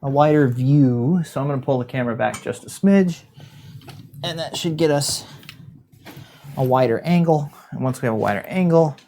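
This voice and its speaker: A man's voice: mid-range voice, normal speed, slight background noise. A man hosting a casual livestream, talking through his hands-on build as he works. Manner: relaxed, narrates hands-on work as he goes. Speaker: livestream host building a 3D printer.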